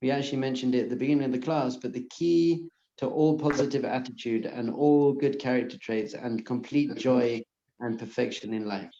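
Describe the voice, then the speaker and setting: A man, a rabbi, teaching a live class in an earnest, encouraging way, at times repeating a phrase softly. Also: medium pitch, moderate pace, reverberant, muffled recording. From lives in Israel. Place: lecture room with audience.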